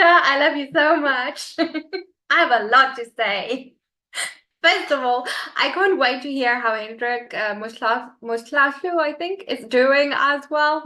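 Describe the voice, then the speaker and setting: Bubbly bright-voiced woman on a video call. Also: high voice. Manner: enthusiastic, bubbly, laughs often, says "like" a lot. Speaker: guest on a group video call. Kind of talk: lively casual chat.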